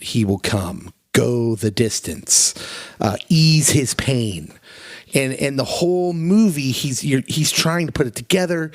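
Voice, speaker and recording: A man co-hosting a podcast in casual chat, retelling movie scenes with animated, emotional delivery. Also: medium pitch, no room sound, studio quality. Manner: animated, emotional, acts out quotes in raised voice. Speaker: podcast co-host.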